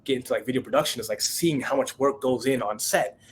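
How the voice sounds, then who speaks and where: A man's voice: medium pitch, fast, slight background noise. A man in his thirties, a chef guest on a podcast, telling a story casually and acting out the people he quotes. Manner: animated storyteller, acts out quoted voices.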